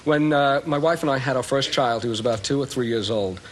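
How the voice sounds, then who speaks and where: Animated male talk show guest telling a story. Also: medium pitch, brisk. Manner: animated storyteller, acts out both sides of phone calls. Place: TV studio with audience. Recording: faint hiss from old VHS tape.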